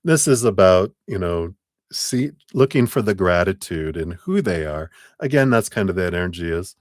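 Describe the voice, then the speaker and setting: Deep-voiced man reading tarot live. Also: lively intonation, moderate pace, dry recording, clean studio sound. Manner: chatty, laughs often, acts out voices in quotes. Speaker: tarot reader.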